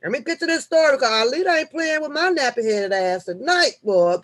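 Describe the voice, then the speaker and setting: A woman hosting a casual live-stream chat, reading news articles aloud and joking back at her viewers, shifting from low mutters to loud laughing outbursts. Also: expressive, a little fast, few pauses. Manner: chatty, reads articles aloud, jokes with the chat.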